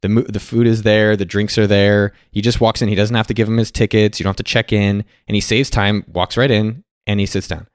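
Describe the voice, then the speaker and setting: A man telling a story and sharing advice in a casual monologue, animated and acting out the people he quotes. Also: fairly low pitch, fairly quick, hardly any pauses, dry recording, clean studio sound. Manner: animated, quotes others in lively put-on voices.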